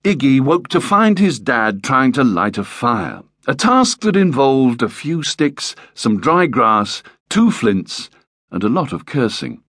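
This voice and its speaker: A man's voice: mid-range voice, sing-song, slow, a bit bright, dry recording, studio quality. Playful male storybook narrator. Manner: playful, lightly comic storytelling. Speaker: audiobook narrator.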